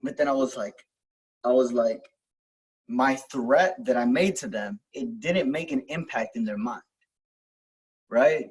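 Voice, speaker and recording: Young guy telling a story, kinda husky, swears a lot, talks in loops. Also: medium pitch, a little slow, pauses often, rough recording. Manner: rambling, many fillers and restarts, swears freely. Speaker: self-help video host. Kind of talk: casual storytelling.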